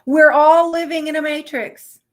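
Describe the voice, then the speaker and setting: A woman's voice: high voice, steady tone, a little slow. A woman hosting a casual live stream, greeting viewers by name and reading out topics aloud with stumbles and blunt asides.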